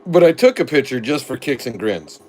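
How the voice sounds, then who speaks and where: A man's voice: medium pitch, expressive, brisk, a little mellow. A middle-aged father chatting casually on a family live stream, a rambling storyteller full of "like" fillers.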